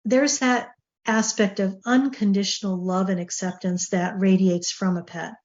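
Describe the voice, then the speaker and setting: A woman's voice: medium pitch, fairly even intonation, normal speed, a little mellow, highs cut off. A woman hosting a talk show, speaking in a chatty, rambling way with plenty of fillers. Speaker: show host. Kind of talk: casual talk-show monologue.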